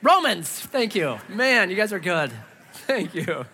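A middle-aged man preaching a sermon from a church stage. He tells personal stories in an animated, self-mocking way and acts out his own reactions. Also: sits high, slow. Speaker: pastor.

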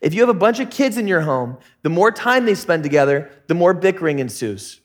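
A man preaching a casual sermon, telling stories in a relaxed, joking, slangy way. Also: sits high, a little fast. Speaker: pastor.

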